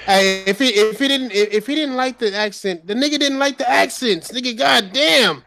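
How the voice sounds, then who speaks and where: A man's voice: very high-pitched, moderate pace, vocal fry, sharp tone. A man co-hosting a gaming podcast, teasing and heckling the others with profanity. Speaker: podcast co-host. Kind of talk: casual gaming chat.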